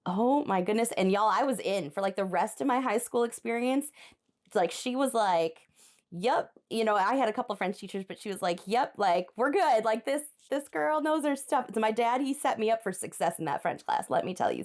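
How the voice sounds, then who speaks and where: A woman's voice: mid-range voice, a little mellow. A young woman hosting a crafting video, chatting casually while she hand embroiders, telling a rambling story with frequent laughs and asides to her viewers. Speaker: host of a crafting channel. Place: home craft space.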